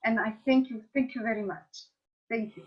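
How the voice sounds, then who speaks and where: Over a video call, a class participant from Romania delivers a heartfelt testimonial, pausing to find her English words. She has a fairly high, steady voice with a breathy edge. Her sound is slightly dull and muffled.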